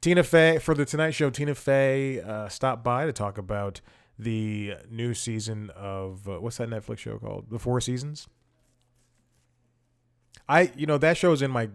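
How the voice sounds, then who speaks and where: A man's voice: medium pitch, vocal fry. A man hosting a comedy podcast. He talks in a casual, rambling monologue, mocks himself, and chuckles between sentences.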